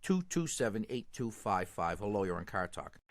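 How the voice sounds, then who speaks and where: A man's voice: on the low side, moderate pace, no room sound. An older man with a Boston accent, co-hosting a radio call-in show with joking, teasing banter. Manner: lively, laughing, teasing.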